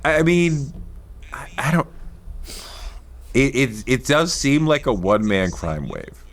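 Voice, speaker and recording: A man commenting in an interview, telling the story in a measured way that turns animated. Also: medium pitch. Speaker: commentator in a played interview clip.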